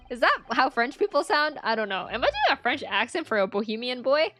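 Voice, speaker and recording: A woman streamer chatting casually while playing, playful and self-mocking, with loud exclamations. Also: high-pitched, big pitch swings, fairly quick, few pauses, faint music behind.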